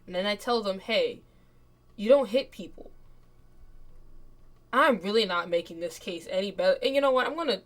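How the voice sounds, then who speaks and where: A young adult woman streamer reading game text aloud and breaking off into chatty, excitable asides. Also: mid-range voice, moderate pace, pauses often. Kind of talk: let's play game commentary.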